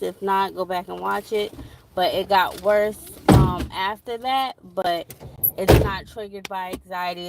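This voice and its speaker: A young woman, telling a parenting story in a rambling, animated vlog with many fillers. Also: mid-range voice, gravelly, slight background noise, rough recording. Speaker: parent vlogger.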